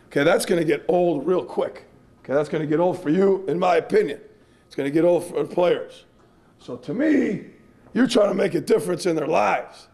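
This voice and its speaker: A man's voice: high-pitched, fairly quick, gravelly, darkish tone. A man, a strength coach, giving a clinic presentation in an earnest, emphatic, repetitive way.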